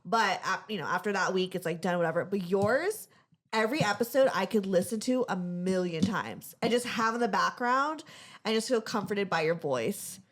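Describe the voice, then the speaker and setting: A woman's voice: medium pitch, moderate pace. A young woman hosting a podcast, chatting playfully and affectionately with her guest. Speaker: podcast host. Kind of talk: casual chat.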